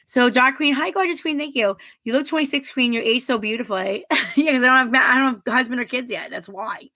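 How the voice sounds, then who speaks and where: A woman's voice: high voice, a little fast, bright, forceful tone. A woman in her thirties hosting a casual livestream, reading viewer comments aloud and chatting, giggling often. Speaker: livestream host.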